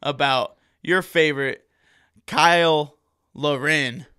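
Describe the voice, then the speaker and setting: A man co-hosts a casual sports chat, speaking in a steady way and steering the talk from topic to topic. His voice is bright and smooth, at an ordinary pitch for a man. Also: slow pace. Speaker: podcast co-host.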